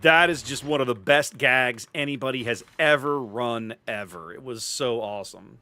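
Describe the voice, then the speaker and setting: A man's voice: mid-range voice, moderate pace, pushed and bright. A middle-aged man with a Cajun Louisiana accent, chatting upbeat as he hosts a live gameplay stream and greets his chat. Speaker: streamer host.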